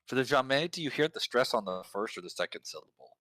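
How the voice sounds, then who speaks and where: A man's voice: mid-range voice, animated, quick pace, fairly bright tone, dry recording, poor audio. A man in casual conversation, explaining points at length and thinking aloud with fillers as he goes. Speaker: lyric and language helper.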